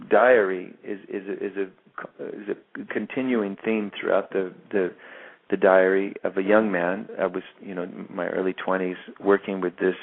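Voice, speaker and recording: A man in his fifties tells a long story in an interview, his voice very low and gravelly. He restarts and repeats words often as he searches for the phrase. The sound is thin and narrow, like a phone line. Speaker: actor being interviewed.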